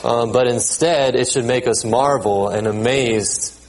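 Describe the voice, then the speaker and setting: A man's voice: medium pitch, rough recording. Conversational male preacher. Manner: conversational, repeats words, checks in with "okay?"; reads scripture aloud in a measured cadence. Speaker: pastor. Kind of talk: sermon.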